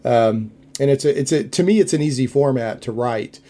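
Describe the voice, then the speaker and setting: A middle-aged man hosts a relaxed podcast chat, his voice dark and mellow. He rambles, restarting sentences and circling back with fillers as he talks things over. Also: mid-range voice, normal speed. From United States. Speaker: podcast host. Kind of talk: casual chat.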